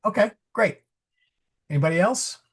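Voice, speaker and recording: A man's voice: high-pitched, lively intonation, normal speed, husky. A man teaching Latin pronunciation in an online class over a video call, chatty and correcting himself as he goes. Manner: chatty, self-correcting, joking aside. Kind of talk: online class lesson with questions.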